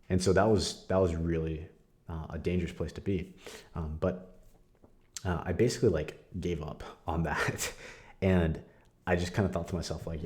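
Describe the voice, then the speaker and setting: A young man hosting a podcast, sharing a candid personal testimony in a casual, conversational way with frequent fillers and soft laughs. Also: sits low, steady tone, normal speed. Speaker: podcast host.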